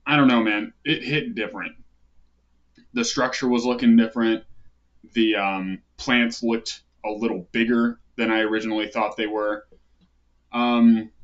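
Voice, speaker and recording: A man hosting a casual livestream, talking in a relaxed, rambling way with plenty of fillers and side remarks. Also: fairly low pitch. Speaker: livestream host. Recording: dull lo-fi stream audio.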